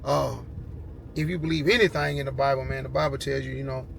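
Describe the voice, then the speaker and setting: A man's voice: medium pitch, steady tone, fairly quick, gravelly, slight background noise. A man talking in a laid-back, rambling way for his car vlog, outdoors with dogs barking behind him. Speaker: car vlogger. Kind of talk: casual vlog talk.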